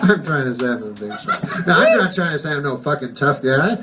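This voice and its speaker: A man doing a stand-up set in a deadpan, rambling drawl, sprinkling swearing through long winding setups. His voice sits a bit high. The mic is some way off, and the live recording is noisy. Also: a little fast, distant mic. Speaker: stand-up comedian. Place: comedy club stage with a laughing audience.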